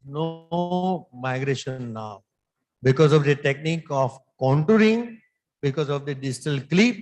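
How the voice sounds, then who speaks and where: A man's voice: a little high, darkish tone, low-quality recording. A middle-aged man, a surgeon answering conference questions in an emphatic, lecturing way.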